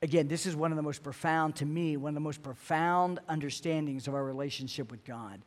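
A middle-aged man delivers a sermon from the pulpit, his voice sitting a little higher than most men's. He speaks earnestly and stumbles into repeated words as he presses toward each point. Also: a little fast. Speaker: pastor.

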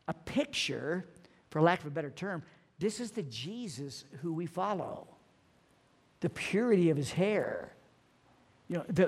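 A man's voice: on the high side, husky. A middle-aged man preaching a sermon, telling stories in a loose, conversational way with restarts and then reading scripture with emphasis. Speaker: pastor. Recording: long reverb of a large hall.

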